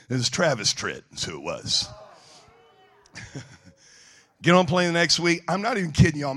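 A male preacher delivering a sermon with comic storytelling, swinging from low murmurs to shouting. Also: slightly rough.

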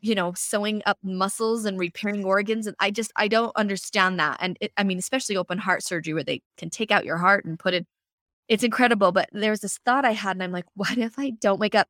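A woman's voice: mid-range voice, quick pace, a bit bright, no echo, studio quality. A woman hosting an interview podcast, talking in an earnest, emotional way with loose, restarting sentences. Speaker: podcast host.

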